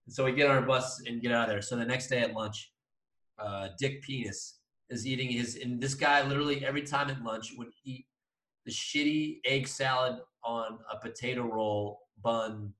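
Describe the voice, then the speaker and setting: A man's voice: mid-range voice, fairly even intonation, moderate pace. A young man hosting a podcast, telling a rambling, profane school story in casual chat. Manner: profane, rambling, acts out quotes loudly. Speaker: podcast host. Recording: echoey room.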